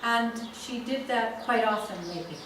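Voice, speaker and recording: A woman leading a family constellation seminar, telling a case story slowly with many restarts. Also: a little high, noisy background. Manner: slow, halting storytelling with restarts. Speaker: seminar facilitator. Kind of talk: guiding a family constellation exercise. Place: seminar room. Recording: echoey room, far from mic.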